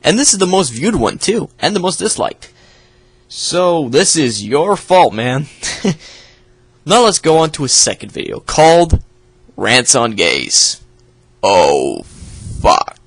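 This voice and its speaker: A young man hosting a reaction video, giving sarcastic, profane commentary with loud outbursts. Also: fairly high pitch, very animated, slow, breathy edge.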